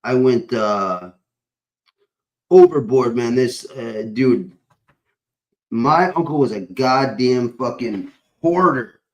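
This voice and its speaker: A man's voice: medium pitch, slow pace, long pauses, muffled recording. A man hosting a stream, rambling in casual chat, swearing constantly and filling gaps with uh and whatchamacallit. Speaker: stream host.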